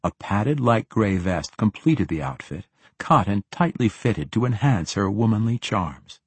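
A man narrating a fantasy novel as an audiobook, in a steady, measured way. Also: on the low side, slightly rough, no room sound.

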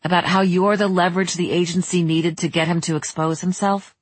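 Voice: medium pitch, little pitch movement, fairly quick, no echo, lightly acted. An audiobook narrator voicing a woman scientist who speaks in a clipped, precise way. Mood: urgent. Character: guarded, analytical woman scientist.

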